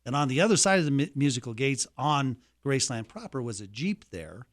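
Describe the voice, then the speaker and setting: A man's voice: medium pitch, sing-song, a little fast. A man in his seventies from Colorado, a guest in a casual interview, telling anecdotes at a leisurely pace with restarts.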